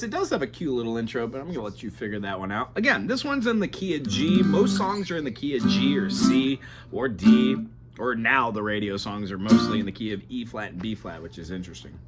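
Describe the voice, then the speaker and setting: This is a casual acoustic guitar lesson for beginners, led by a chatty, digressive man who sings parts of songs as he strums. His pitch is medium. The guitar playing comes through loudly under his speech.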